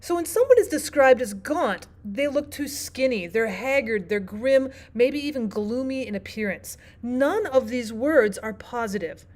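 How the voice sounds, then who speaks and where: With a measured pace and few pauses, a slightly high-voiced woman teaches a literature lesson as a language arts teacher. She explains each point plainly and keeps redirecting questions to the listener in a steady classroom style.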